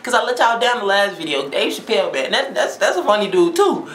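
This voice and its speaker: A man hosting a reaction video, chatting casually and exclaiming excitedly. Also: high voice, brisk, echoey room, a little hiss or hum. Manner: excitable, exclaims and laughs along.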